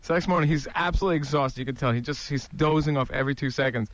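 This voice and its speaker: A man's voice: fairly high pitch, very fast, background noise. A man casually telling a story on a radio show, rambling and restarting his sentences.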